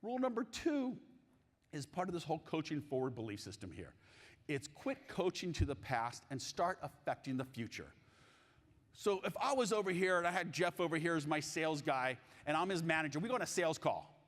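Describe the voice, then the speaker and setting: A man giving a live conference keynote on coaching, animated and jokey, asking the audience questions. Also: on the high side, fairly quick. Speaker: keynote speaker on sales coaching. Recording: long hall reverb.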